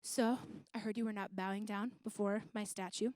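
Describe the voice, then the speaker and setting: A woman voicing a boastful, hot-tempered male king who pretends to be calm, in a youth sermon story. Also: medium pitch, normal speed, dry recording, voice pushed down, natural voice. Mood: smug threat.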